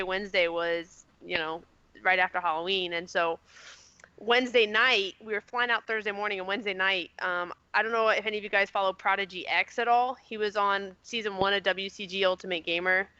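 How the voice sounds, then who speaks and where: A woman's voice: mid-range voice, steady tone, brisk, pushed and bright, clean tone, dry recording, dull audio. A woman from Indiana telling a long rambling story on a casual podcast, with lots of fillers and giggles. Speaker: podcast co-host.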